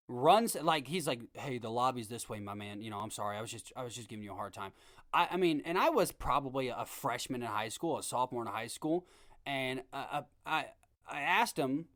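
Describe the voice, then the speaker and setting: A man in his twenties hosting a podcast, telling a story in a casual, rambling, animated way with many restarts. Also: on the high side. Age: 20s. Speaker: podcast host.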